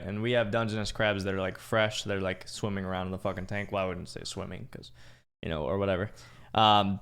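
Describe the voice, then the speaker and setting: A man's voice: on the low side, fairly bright tone, clear, resonant tone. A young man casually telling a rambling, profanity-filled story as a podcast co-host, with many "like"s.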